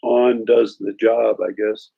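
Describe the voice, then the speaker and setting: A man's voice: lowish voice, flat delivery, slow pace, creaky, slightly rough, dull audio. A man who guests on an English lesson, explaining word use in a thoughtful, casual way. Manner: thoughtful, searches for examples, self-deprecating. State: coughing.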